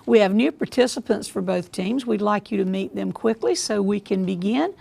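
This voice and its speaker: A woman hosting a school quiz show, reading questions in a measured way and repeating them deliberately. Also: mid-range voice, vocal fry, warm tone, breathy edge.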